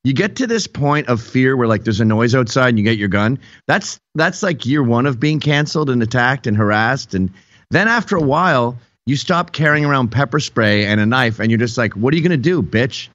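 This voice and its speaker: Male podcast host, lively, mocking delivery, dull dry lo-fi sound. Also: mid-range voice, brisk, no room sound. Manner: animated, mocking, puts on voices. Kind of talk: casual comedic chat.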